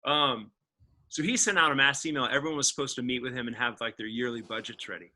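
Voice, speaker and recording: A man from Indiana sits in as a podcast guest and spins a personal story, his voice bright and forward at an ordinary middle pitch. He is an animated talker who drops into the voices of the people he quotes and leans on casual fillers. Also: fast talker. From Indiana, USA.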